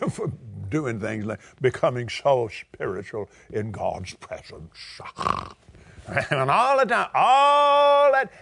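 A Texan man preaching a sermon in an emphatic, drawn-out way, joking and laughing at himself. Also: medium pitch, vocal fry, husky.

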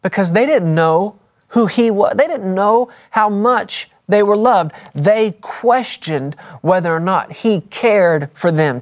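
A man preaching a broadcast sermon, stressing points by repeating words and dropping his voice soft for key lines. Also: high voice, animated, slow.

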